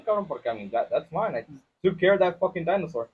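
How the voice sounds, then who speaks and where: A man hosting a podcast in casual chat, mixing English and as he tells animated stories. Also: on the high side, fast talker, husky. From Mexico-Texas border region. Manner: switches between English and Spanish, animated storytelling. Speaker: podcast host. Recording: lo-fi podcast recording.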